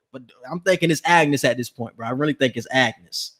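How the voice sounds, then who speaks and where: A man co-hosting a podcast, talking in a slangy, animated way and acting out quotes in casual chat. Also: on the high side, brisk. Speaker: podcast co-host.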